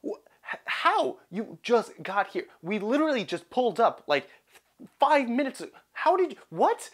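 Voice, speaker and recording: A woman's voice: very animated, moderate pace. A young man voicing his flustered mother, stammering in disbelief. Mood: disbelieving. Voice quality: high, stammering.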